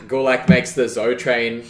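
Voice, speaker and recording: A man's voice: mid-range voice, little pitch movement, takes it slowly, a bit bright. Chatty man in an echoey room. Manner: rambling, filler-heavy, enthusiastic. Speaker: podcast co-host. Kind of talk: casual chat, recapping wrestling shows.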